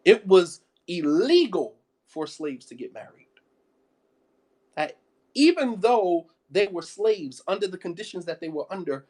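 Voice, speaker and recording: Man preaching, fiery, rhetorical questions, repeats himself, high-pitched voice. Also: mellow. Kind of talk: impassioned sermon.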